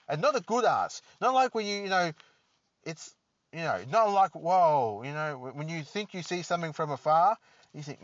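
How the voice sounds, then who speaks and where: A man's voice: a little high, no room sound. A man hosting a solo podcast, rambling and joking in a self-deprecating way. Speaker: podcast host. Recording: dull lo-fi dry recording.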